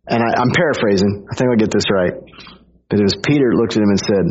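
A man preaching a casual storytelling sermon, husky-voiced and animated, breaking into little acted quotes. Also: fairly low pitch, fairly quick, long pauses. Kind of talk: conversational sermon. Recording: dull lo-fi recording.

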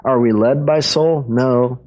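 A man's voice: medium pitch, slow, a little mellow. A man preaching a sermon to a congregation in a conversational, playful way, acting out quotes with his voice. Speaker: pastor.

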